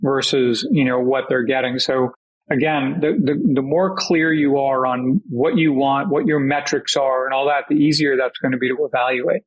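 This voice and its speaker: A man appearing as a podcast guest, explaining ideas in a measured way during a casual conversation. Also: mid-range voice, fairly even intonation, highs cut off. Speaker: podcast guest, peer-group expert.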